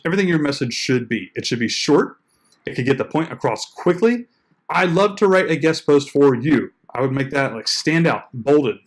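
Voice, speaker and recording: A man coaching bloggers in a loose, conversational way, with lots of likes and uhs, playing out the emails he quotes. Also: mid-range voice. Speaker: blogging coach and podcast host. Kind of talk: casual tutorial talk.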